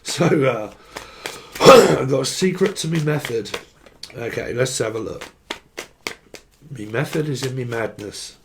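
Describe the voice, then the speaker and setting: A man's voice: mid-range voice, measured pace, vocal fry, long pauses, a little hiss or hum. A man giving a loose, joking tarot reading, playful and crude, drifting into silly asides. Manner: playful, crude, jumps into silly put-on voices and bits. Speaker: tarot reader.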